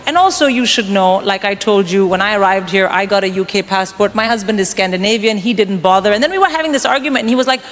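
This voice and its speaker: A woman's voice: mid-range voice, quick pace, hardly any pauses. Wry woman doing stand-up in a reverberant club. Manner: wry, deadpan punchlines to a crowd. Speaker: stand-up comedian. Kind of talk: stand-up comedy set. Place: comedy club stage. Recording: live room with long reverb and background noise.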